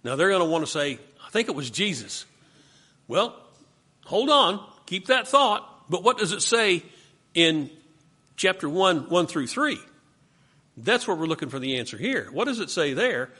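Man, Bible study teacher, bright forceful tone, slightly husky, asks the class questions. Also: high-pitched, very animated, moderate pace. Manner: questioning, coaching a class through a text.

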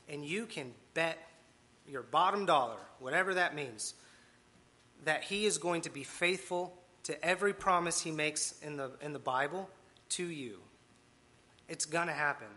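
A man's voice: a little high, sharp tone. A man preaching a conversational sermon with asides and self-deprecating humor. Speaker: lay preacher.

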